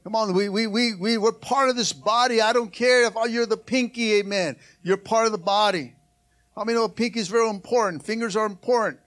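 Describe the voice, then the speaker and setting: A man preaching a sermon to his church as pastor, lively, with repeated calls of come on and hallelujah. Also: high voice, brisk.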